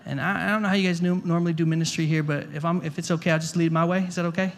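A man's voice: on the high side, fairly even intonation, racing. A male pastor preaching a sermon to a congregation in a conversational way, repeating words and asking the room questions. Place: church hall before a congregation.

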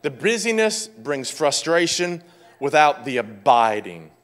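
A male pastor preaching a sermon with fervent energy, rising to loud exclamations and dropping to quiet explanation. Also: mid-range voice, big pitch swings, measured pace.

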